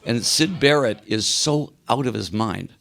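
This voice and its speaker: Gravelly older man telling road stories. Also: mid-range voice, unhurried. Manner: animated anecdotes, acts out quoted voices. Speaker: interview guest, rock singer. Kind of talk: casual storytelling interview. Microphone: video call.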